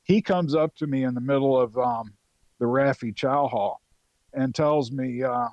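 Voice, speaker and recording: A man of about forty from North Carolina tells an old service story in a relaxed, rambling way. He swears freely and leans on fillers. His voice has a middling pitch, and the sound is dry and close with almost no room echo. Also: moderate pace, dull audio. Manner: loose and profane, with many fillers. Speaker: podcast guest, Marine veteran. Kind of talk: casual storytelling.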